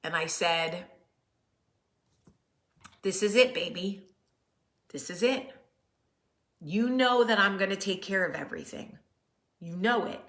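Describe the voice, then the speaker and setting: Bright-voiced mother telling a story. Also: mid-range voice, slow pace, pauses often. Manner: earnest, soothing when reassuring. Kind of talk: casual personal storytelling.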